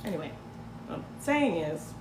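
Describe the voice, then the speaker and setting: A woman's voice: lowish voice, sing-song, moderate pace. A woman hosting a casual commentary livestream, talking in a loose, sarcastic way and now and then slipping into mocking voices. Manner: conversational, sarcastic, swings into mocking put-on voices. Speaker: host. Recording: echoey room with faint ambient noise.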